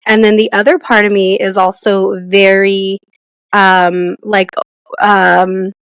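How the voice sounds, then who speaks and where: A woman's voice: mid-range voice, flat delivery, slow pace, smooth, no echo, rough recording. A woman who co-hosts a podcast, chatting casually in a rambling way with lots of fillers. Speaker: podcast co-host.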